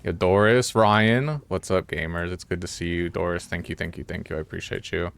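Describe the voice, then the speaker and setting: A man's voice: low-pitched, brisk, gravelly, fairly bright tone, clean tone. A young man streaming a game, chatting casually with his viewers in a laid-back, rambling way. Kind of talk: casual live-stream chat while gaming.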